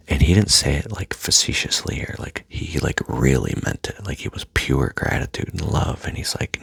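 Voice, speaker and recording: A man speaking in a soft, halting personal monologue that often drops to a near-whisper, with a husky voice. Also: very deep voice, animated, dry recording. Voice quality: husky, gravelly. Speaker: self-help speaker.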